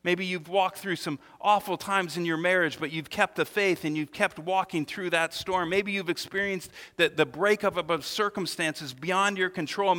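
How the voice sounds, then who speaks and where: A man preaching in a church, his voice high and bright with a forward edge. He talks in an animated way, stumbles and repeats words, and acts out the people he quotes. A long hall reverb trails after his phrases. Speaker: pastor. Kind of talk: sermon.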